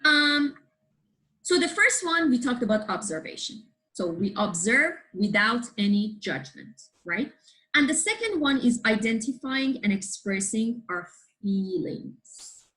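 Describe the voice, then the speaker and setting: A woman who is a guest on a show, explaining a book's ideas to a live group in a lively way and often asking her listeners questions. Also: a little high, unhurried, low-quality recording. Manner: lively, checks in with listeners, asks the audience questions.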